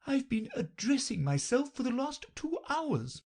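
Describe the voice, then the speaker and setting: A flustered old queen from a storybook, vague and melancholy, talking in a high, fluttering voice, as a woman reads her. The voice swoops about a lot and has a faint husk. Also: very animated, unhurried, a little mellow, husky, exaggerated voice.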